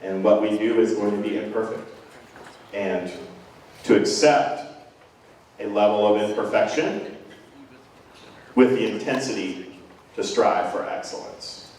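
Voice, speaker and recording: A man's voice: on the low side, fairly even intonation, measured pace, pauses often, a little mellow, slight background noise. A middle-aged man giving a rambling, earnest, self-deprecating speech to parents as a band director. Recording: echoey hall from far off.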